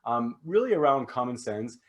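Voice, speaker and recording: A man's voice: medium pitch, sing-song, normal speed. A man co-hosting a podcast, casual upbeat chat that rambles and corrects itself midway. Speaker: podcast co-host.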